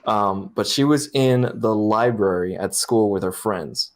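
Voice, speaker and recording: A man's voice: lowish voice, unhurried. A man on a casual podcast telling a ghost story, laughing often, swearing and acting out the quotes. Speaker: podcast co-host.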